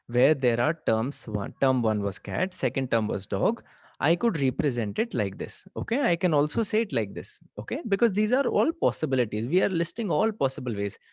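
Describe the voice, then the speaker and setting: A man's voice: mid-range voice, sing-song, moderate pace, a little mellow, dry recording. A man teaching a live online class, often checking in with his students and repeating "okay" and "right". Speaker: online exam-prep teacher. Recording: dry, slightly dull webcast audio.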